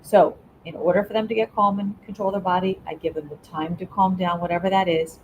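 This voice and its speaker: Lively woman explaining how she handles kids. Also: lowish voice, fairly quick, dull audio, slight background noise. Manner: animated explainer, acts out quotes. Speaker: school educator, guest. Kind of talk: conversational interview answer.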